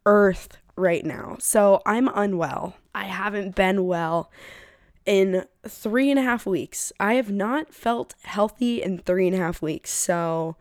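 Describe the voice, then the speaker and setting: A woman's voice: medium pitch, slow, no room sound, studio quality. A young woman hosting her own podcast, chatting casually and rambling with self-deprecating humor while sick with a head cold and a runny nose. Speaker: podcast host. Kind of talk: casual solo podcast chat.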